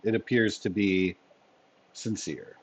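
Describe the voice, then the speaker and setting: A man narrating as game master of a tabletop role-playing game, in a relaxed way with fillers. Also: fairly low pitch, slow pace, husky.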